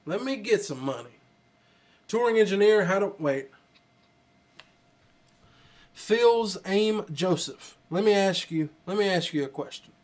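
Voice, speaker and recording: A man's voice: sits high, a little mellow. A man with an American Southern country accent, casually chatting on a livestream and reading out comments, rambling with lots of ums and restarts. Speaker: livestream host. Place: office.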